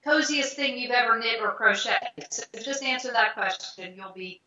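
Woman co-host, highish and bright, animated storyteller, echoey lo-fi recording. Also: normal speed. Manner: animated storyteller who acts out quotes. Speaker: podcast co-host. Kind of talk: casual storytelling chat. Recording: echoey, dull lo-fi sound.

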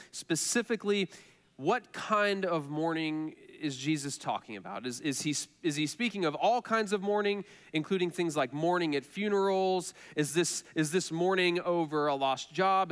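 Guy pastor preaching, kinda high voice, earnest and chatty, big echoey church hall. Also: clear, resonant tone. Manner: earnest, conversational preaching with repeated phrases. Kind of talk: sermon. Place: church sanctuary.

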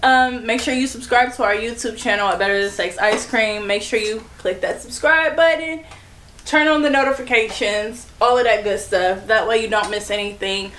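A woman's voice: on the high side, normal speed, fairly bright tone. Chatty woman host in an echoey room. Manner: laughing, chatty promo talk. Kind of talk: casual chat while eating. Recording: echoey room with faint noise.

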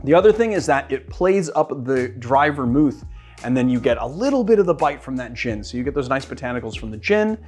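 A man's voice: medium pitch, brisk, slightly rough, faint music behind. A man from the Boston area hosting a cocktail show, chatty and rambling as he mixes and tastes drinks. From Boston area, USA. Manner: chatty, rambling, animated asides. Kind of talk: casual cocktail-making demo.

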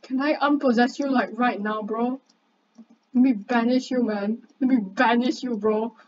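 A young woman with a high, bright-pitched voice gives excitable commentary on a game while bossing a friend around and tossing in casual swears. Her voice comes through a dull, lo-fi mic with a faint hiss behind it. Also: unhurried. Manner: excitable, chatty, bossy banter. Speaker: gamer.

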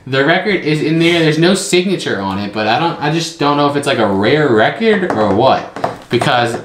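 A man's voice: fairly high pitch, lively intonation, moderate pace. A man hosting a casual vlog about items from a storage unit, talking in a rambling way full of hedges and "like". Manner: rambling, hedging with lots of "like". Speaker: storage unit reseller host. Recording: echoey room with faint noise.

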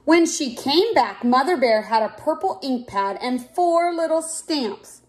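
A woman reading a children's picture book aloud in a clear, expressive way. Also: high-pitched, a little slow, a little hiss or hum. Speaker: storyteller.

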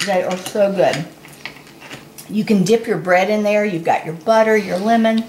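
A woman's voice: medium pitch, moderate pace, background noise. A woman hosting a casual cooking demonstration at home, chatty and enthusiastic as she cooks and tastes. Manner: chatty and enthusiastic, talks while eating. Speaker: cooking show host. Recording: echoey kitchen with clattering dishes. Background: clattering pots and dishes.

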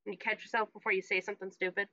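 A woman narrating a tabletop horror game as game master, halting with many restarts and quick laughs. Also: medium pitch, level tone, sharp tone, dry recording, highs cut off.

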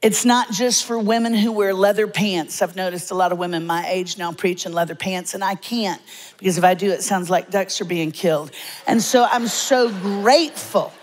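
A woman, preaching a humorous, lively sermon in a church sanctuary with dramatic pauses. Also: medium pitch. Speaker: guest preacher. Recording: long hall reverb.

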